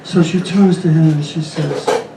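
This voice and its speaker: A man doing stand-up comedy, rattling off deadpan jokes and chuckling at his own punchlines on a comedy club stage. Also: fairly high pitch, a little slow, vocal fry. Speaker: stand-up comic. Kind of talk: stand-up joke telling. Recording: echoey club, distant mic, faint room noise.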